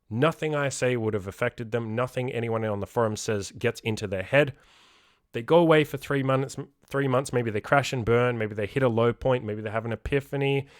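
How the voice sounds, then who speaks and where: A man's voice: mid-range voice, no room sound. Guy coaching folks on his podcast, blunt, swears a lot, repeats himself to hammer it in, dry close sound. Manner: blunt, swears freely, repeats words for emphasis. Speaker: self-improvement podcast host and coach. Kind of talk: casual podcast monologue.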